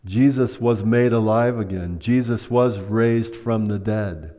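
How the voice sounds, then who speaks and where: A man preaches a sermon and keeps putting questions to the congregation. He speaks very slowly in a lowish voice. The long reverb of a church hall trails behind each phrase. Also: mellow.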